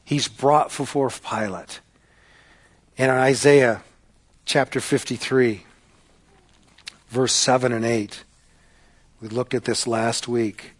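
Guy preaching a sermon, goes loud then drops way down quiet, dramatic storytelling. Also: mid-range voice, steady tone, slow, pauses often. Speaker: pastor.

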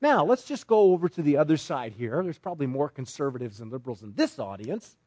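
A man's voice: a little high, very animated, fast, dark tone, husky, dry recording. A man preaching a sermon to a congregation, emphatic and full of rhetorical questions, often restarting his words. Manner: frequent repeated restarts. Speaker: pastor.

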